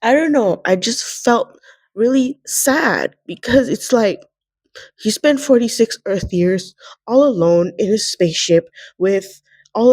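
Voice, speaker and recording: In a dry recording, a young woman with a medium-pitched, darkish voice rambles about a novel for her casual reading vlog. She's emotional and sometimes teary, crying as she talks.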